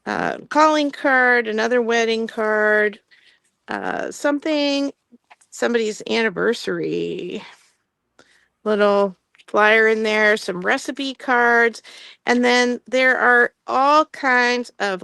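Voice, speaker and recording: A woman's voice: a little high, creaky, fairly bright tone, clear, resonant tone, no echo. A woman hosting a live online sale, chatting casually about vintage items and laughing often between filler words.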